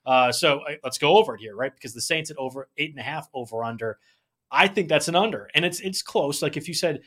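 A man's voice: mid-range voice, fast talker, a bit bright. A man co-hosting a sports betting podcast, blunt and opinionated in casual chat. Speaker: podcast co-host.

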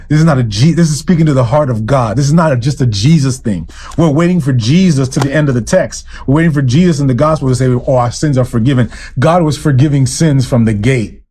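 A man's voice: mid-range voice, warm tone, breathy edge. A man preaching as pastor, fervent and direct with his listeners, driving points home with repeated rhetorical questions. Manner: admits to ranting, addresses listeners directly. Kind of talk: sermon.

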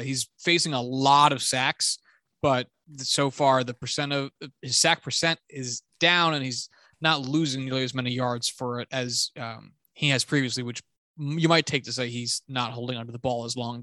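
Man, sports podcast co-host, crisp bright tone, dry close sound, chatty. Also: mid-range voice, no echo. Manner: chatty, self-deprecating, joking trash talk. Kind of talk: casual sports chat.

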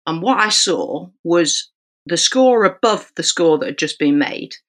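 Woman referee; animated podcast storyteller who acts out the voices in her tale, slightly low voice. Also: a little slow. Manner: animated storyteller acting out dialogue. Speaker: rugby referee. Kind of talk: podcast anecdote.

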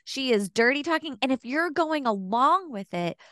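A woman's voice: high voice, expressive, normal speed, fairly bright tone, dry recording. A giggly woman co-hosting a podcast, her voice moving freely up and down as she chats. She reads listener letters aloud and laughs easily. The sound is close and dry. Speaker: podcast co-host. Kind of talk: casual chat.

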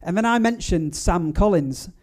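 A man's voice: high voice, lively intonation, normal speed, darkish tone. A man hosting a live podcast event before an audience, chatty and loose, with frequent fillers and restarts. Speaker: podcast host.

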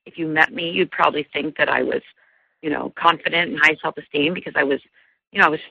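Gravelly-voiced woman telling her story. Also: low-pitched, fast talker, no echo, dull audio. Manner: earnest, animated, many restarts and fillers. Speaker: guest, life coach. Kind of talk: personal storytelling in an interview.

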